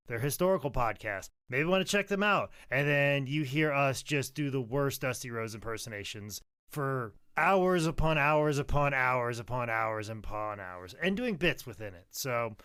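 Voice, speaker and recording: Man, podcast co-host, jokey and profane, smooth clear voice, dry close mic. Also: medium pitch, fairly bright tone, no room sound. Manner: jokey, profane, dives into impressions. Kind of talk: casual podcast chat.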